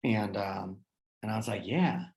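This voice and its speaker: Gravelly man telling a heartfelt story. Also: on the low side, a little slow, a little mellow. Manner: earnest, heartfelt, filler-heavy with lots of "like". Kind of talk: casual personal storytelling. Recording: roomy echo.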